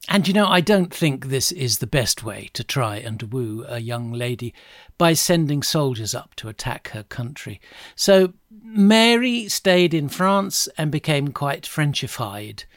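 A man's voice: mid-range voice, very animated, unhurried, no room sound, studio quality. A middle-aged man telling history in a casual, chatty way, with wry asides. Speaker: podcast host.

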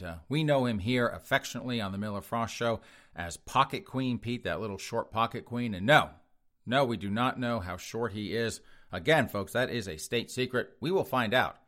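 A man's voice: lowish voice, normal speed, fairly bright tone. A man hosting his own show, giving a sarcastic political commentary monologue to his audience. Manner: mocking, sarcastic, addresses audience as folks. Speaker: show host.

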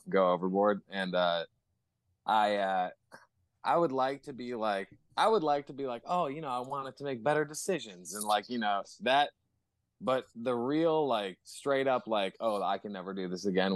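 A man's voice: lowish voice, smooth, no room sound. A man talking in casual podcast chat as a guest musician, rambling with lots of swearing and fillers.

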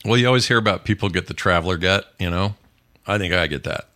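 A man's voice: deep voice, fast, sharp tone, no echo. A middle-aged man hosting a casual live-streamed podcast chat, rambling and full of puns. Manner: jokey, rambling, punning. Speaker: podcast host.

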